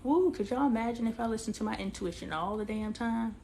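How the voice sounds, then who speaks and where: A woman's voice: fairly high pitch, a little fast, vocal fry, mellow, slight background noise. A woman in her thirties hosting a candid live stream on her phone outdoors, talking straight to viewers and answering their comments aloud. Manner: emotional, confiding, talks straight to viewers.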